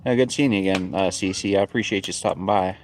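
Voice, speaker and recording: Fast-talking and deep-voiced, a man livestreams a casual chat from a backyard bonfire using his phone, which adds a little hiss or hum. His talk is easygoing and rambling, full of chuckles.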